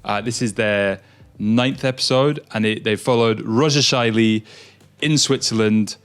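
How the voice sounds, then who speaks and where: A man's voice: lowish voice, fairly even intonation, a little slow, smooth. A man co-hosting a climbing news show, easygoing and self-deprecating, often restarting his sentences. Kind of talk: casual chat.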